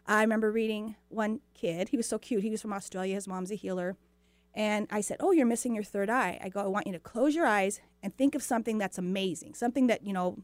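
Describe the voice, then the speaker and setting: A woman's voice: mid-range voice, a little mellow, no echo. A woman hosting a spiritual talk show, telling a personal story in a chatty, earnest way with lots of quoted dialogue. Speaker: host.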